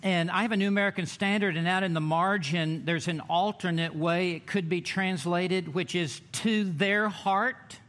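A man preaching a sermon in a church, emphatic, with dramatic pauses and drawn-out words. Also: high voice, fairly even intonation, a bit bright. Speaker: pastor.

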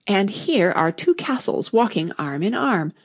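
A woman's voice: mid-range voice, sing-song, a little slow. A woman voicing a curious, polite young girl in a storybook reading, eager and chatty. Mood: hushed wonder.

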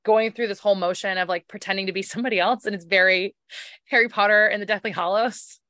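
A woman hosting a podcast in casual book-club chat, animated and laughing often, swearing freely. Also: medium pitch, fast talker, no room sound, clean studio sound. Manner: animated, laughing, swearing, puts on silly voices. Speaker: podcast host.

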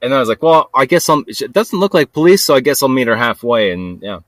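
A man hosting a podcast, telling a story in a rambling, restless way that swings from low mutters to sudden loud bursts. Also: animated, fast talker, no echo. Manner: rambling, restless, talks to himself with lots of "like" and "freaking". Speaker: podcast host. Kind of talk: casual storytelling monologue.

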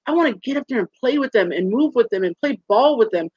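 A woman in her thirties speaks as a guest in a candid interview, earnest and animated, slipping into other people's voices as she tells stories. Her voice sits fairly high. The sound is dry and muffled, like a lo-fi video call. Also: quick pace, slightly rough, no room sound.

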